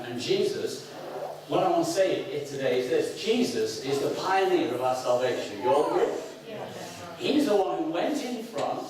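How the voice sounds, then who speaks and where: A middle-aged Lancashire man preaches with a high, lively voice that leaps around as he talks. He is picked up from some distance in a very echoey church hall. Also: noisy background. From north of England. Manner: animated, with sudden whoops and acted-out quotes. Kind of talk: sermon.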